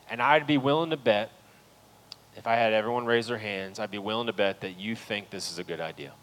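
A man preaching a sermon as pastor in a church, talking earnestly to the congregation and building to loud, pleading peaks. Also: fairly low pitch, moderate pace, slight background noise, low-quality recording. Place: church sanctuary.

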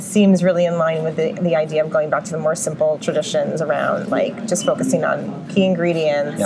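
A woman's voice: low voice, fairly even intonation, brisk, gravelly, over a noisy crowd. A woman hosting an interview podcast, listening attentively and thinking aloud in a reflective way. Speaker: podcast host. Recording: recording with audible background noise.

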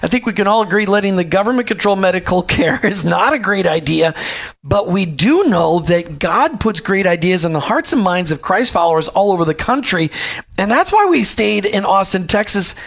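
A man's voice: high voice, lively intonation, moderate pace, vocal fry, a bit bright. A man hosting a faith-and-work podcast interview, upbeat and rambling, often correcting himself mid-sentence. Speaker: podcast host.

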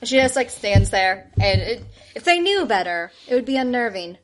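A woman's voice: fairly high pitch, very animated, moderate pace. A woman playing a tabletop game, playfully describing what her character does. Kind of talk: casual actual-play chat.

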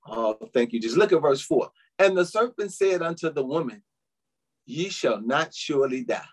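A man's voice: on the high side, lively intonation, moderate pace, breathy edge. A male pastor preaching a sermon, calling out to the congregation with frequent amens, hallelujahs and little laughs. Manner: preaching with frequent "amen" and laughs, addressing "saints".

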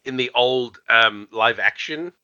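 A man rambles through a casual podcast chat with a very bright, dry-sounding voice. The recording is dull and lo-fi. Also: medium pitch, takes it slowly, smooth, no room sound. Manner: rambling, animated, many fillers. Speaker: podcast co-host.

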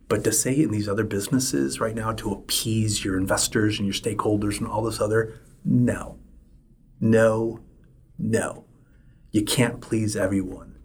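A man's voice: fairly low pitch, a little mellow, slightly rough. A middle-aged man hosting a solo podcast, talking emphatically and repeating his points for stress. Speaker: podcast host.

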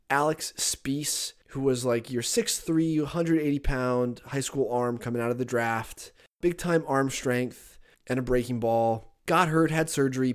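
A man's voice: medium pitch, a little mellow. A man giving a casual, filler-heavy rundown as a baseball prospect analyst on a podcast, often restarting his sentences. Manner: rapid rundown with frequent fillers and self-corrections.

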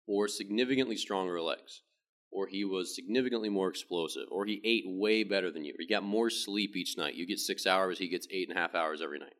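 A man, a baseball pitching coach, giving a casual, rambling explanation with frequent restarts. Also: fairly bright tone.

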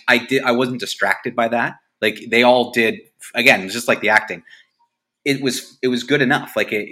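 A man's voice: on the low side, bright, forceful tone. A man co-hosting a podcast, agreeing and thinking aloud with restarts. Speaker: podcast co-host. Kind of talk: casual movie discussion.

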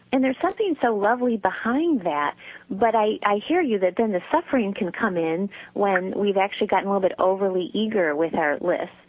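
A woman's voice: fairly high pitch, slightly rough, no echo. A woman guest and writer with a loving, nurturing voice, telling a story in a reflective, casual interview. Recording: dry phone line.

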